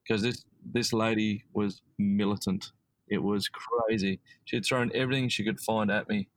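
An Australian man tells his story in a loose, chatty way, full of ums and restarts. His voice sits a little low. He sounds like a guest on a relaxed podcast. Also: moderate pace, no echo, rough recording. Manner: rambling, with many fillers and restarts. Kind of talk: casual storytelling.

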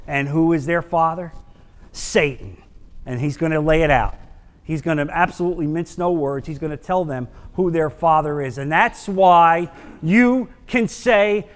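Emphatic high-voiced man teaching Bible class. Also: long reverb tail. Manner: emphatic, dramatic scripture reading.

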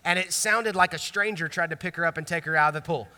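Thirtysomething guy pastor preaching, high bright voice, chatty storytelling, big reverby church. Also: quick pace. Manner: animated, conversational storytelling. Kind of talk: sermon. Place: church sanctuary. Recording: long reverb church hall.

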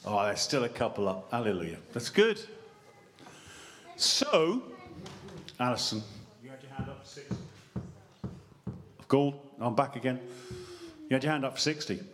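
A man preaching a sermon in church on a handheld mic, lively and joking, drawing the congregation in with questions. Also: mid-range voice, normal speed, pauses often. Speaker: pastor. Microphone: handheld microphone.

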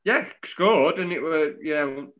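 A man's voice: fairly high pitch, unhurried, crowd noise. A man, chatting casually and jokily as a football podcast co-host. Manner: animated, jokey, laughs often.

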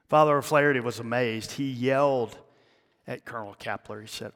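A male pastor telling a story in a sermon, dramatic, with his voice dropping low and hushed at the emotional peaks. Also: brisk. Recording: long hall reverb.

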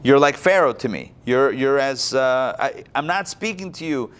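A man voicing Judah, a grown man pleading earnestly yet forcefully before a ruler. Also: medium pitch, expressive, moderate pace, natural voice. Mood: pleading firmly.

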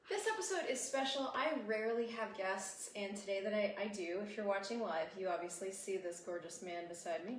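An American woman hosts her own talk show, chatting in an upbeat, easy manner. Her voice sits in a roomy, echoing space with a faint background hum. Her pitch is middling. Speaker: podcast host. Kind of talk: casual conversational interview. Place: room with guest, shared microphone. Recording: roomy echo and faint ambient noise.

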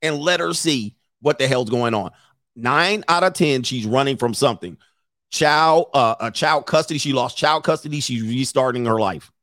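A man's voice: medium pitch, moderate pace, a bit bright, no echo, clean studio sound. A man giving dating advice to his viewers in a casual monologue, with a brash, profane and joking delivery.

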